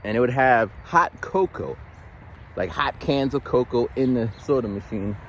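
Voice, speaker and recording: A man chatting casually in a vlog while outdoors in the cold, rambling through animated stories with stammered restarts about his school lunchroom duty. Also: mid-range voice, moderate pace, slight background noise. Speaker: vlogger who works lunchroom duty at a school. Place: outdoors in cold weather, near a bridge.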